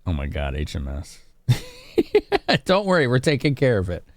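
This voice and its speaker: A man's voice: mid-range voice, huge pitch swings, unhurried, no echo. A man from Chicago streaming a game live, chatting casually with his viewers. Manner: casual, chatty, laughing with chat.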